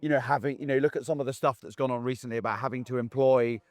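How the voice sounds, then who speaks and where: A man's voice: mid-range voice, fairly even intonation, rapid-fire, no echo. A man hosting a dog training podcast, who chats casually and speaks his mind. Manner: outspoken, chatty, acts out quotes.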